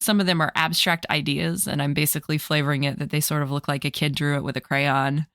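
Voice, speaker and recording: A woman with a notably low voice chats about her tabletop game character, laughing often as she tells the story. She speaks into a close mic in a dry, deadened room. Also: flat delivery, quick pace, a bit bright, no room sound. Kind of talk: casual podcast chat about a game.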